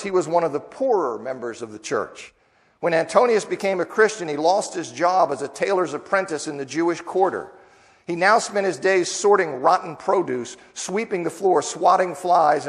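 A man's voice: fairly high pitch, long reverb tail. A man preaching in a church, first reading a story aloud and then explaining it in a loose, conversational teaching manner. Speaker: preacher teaching a Bible class.

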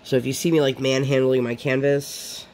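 A woman's voice: very deep voice, level tone, moderate pace, a little mellow. A woman vlogger chatting casually while she crafts, rambling and full of fillers.

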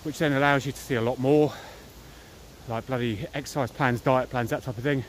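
A man's voice: medium pitch, steady tone, brisk, slight background noise. A man in his thirties with a British accent chatting bluntly and casually to camera as a fitness vlogger, walking outdoors through a park. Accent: British English.

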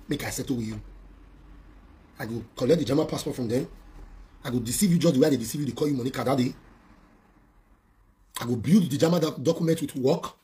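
A man's voice: medium pitch, a little mellow. A man with a Nigerian accent, a social media personality, ranting scornfully on a live video with rhetorical questions. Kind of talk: heated live-video rant.

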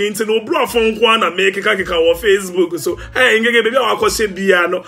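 A young man with a Ghanaian Pidgin English accent, hosting a live-stream gossip chat in a playful, teasing way, laughing and shouting often. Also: high-pitched, a little fast, creaky, husky. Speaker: gossip show host.

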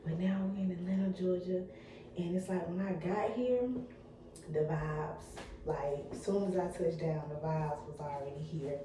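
A young woman vlogging to her viewers in an excited, chatty, motivational way. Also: on the low side, normal speed, very echoey, distant mic, background noise. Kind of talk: casual vlog talk to viewers.

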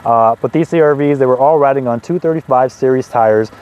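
The audio is dull as a twenty-something man briskly reviews a car, walking around it where it's parked outdoors. His medium-pitched voice is eager and talkative, full of casual asides.

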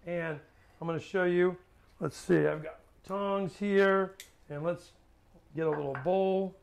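A man's voice: high-pitched, steady tone, measured pace, gravelly. A man hosting his own cooking video, chatting casually as he cooks and tastes, with plenty of fillers and restarts.

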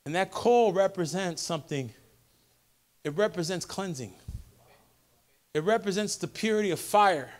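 A man with a very high voice preaches to his congregation. He repeats lines in call-and-response fashion and swells to shouted peaks, speaking from a church service. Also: expressive, moderate pace, pauses often. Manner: impassioned preaching that builds to shouted crescendos; repetitive call-and-response rhetoric. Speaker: pastor. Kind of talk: sermon.

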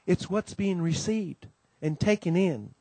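Folksy, homespun preacher man, higher pitched. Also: measured pace, dark tone, slightly rough, no echo. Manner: homespun storytelling, many "you know"s, acts out quoted voices. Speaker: conference host giving the welcome. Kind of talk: folksy welcome talk at a Christian conference. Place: conference gathering.

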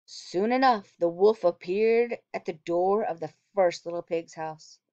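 A woman teacher reading a storybook aloud to children, expressive and animated, stopping to ask them questions. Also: lowish voice, unhurried, no room sound. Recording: dull, dry lo-fi recording.

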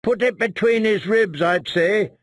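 A man voicing a big, loutish man giving blunt, brisk commands. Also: sits high, dry recording, clean studio sound, pitched above the performer's own voice. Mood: encouraging.

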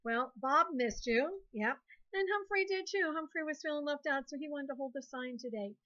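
A woman's voice: high-pitched, moderate pace, fairly bright tone, muffled recording. A woman teacher giving a recorded lesson to young children in a cheerful, encouraging way, spelling words out letter by letter. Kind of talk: recorded online classroom lesson.

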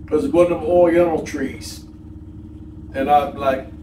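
A man's voice: sits high, moderate pace. A man co-hosting a vlog, chatting casually and acting out the people in his stories. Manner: animated, acts out quoted people. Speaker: vlog co-host. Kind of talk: casual storytelling chat. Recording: echoey room, mic at a distance, faint noise.

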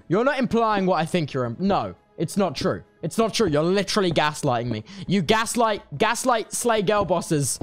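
Young male streamer, high lively voice, hams up fake anger. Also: a little slow, soft background music. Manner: theatrical mock outrage breaking into giggles. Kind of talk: casual gaming livestream chat.

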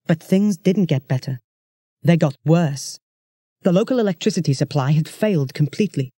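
Reader, children's story, chatty first-person telling, mellow and dry. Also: mid-range voice, animated, moderate pace, husky, no room sound. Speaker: audiobook narrator.

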